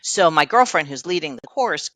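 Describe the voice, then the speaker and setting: A middle-aged woman, a guest coach, telling a personal story in a casual interview, animated and laughing often. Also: low-pitched, moderate pace, dry recording.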